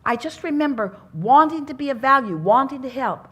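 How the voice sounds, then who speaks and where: A woman's voice: sits high, animated, fairly quick, fairly bright tone, slightly rough. A woman speaking to a live audience at a self-help seminar, teaching in an earnest tone with odd turns of phrase. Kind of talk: inspirational seminar talk.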